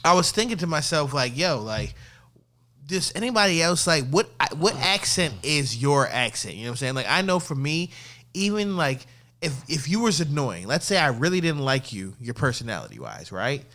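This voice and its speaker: A man co-hosting a relaxed, slangy chat, animated and laughing as he tells stories. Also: on the high side, normal speed. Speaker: co-host. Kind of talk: casual chat.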